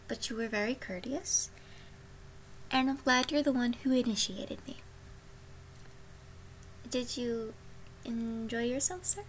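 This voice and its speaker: A young woman performing an intimate audio role-play, breathy and pleading, often sinking into soft whispers. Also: on the high side, a little hiss or hum.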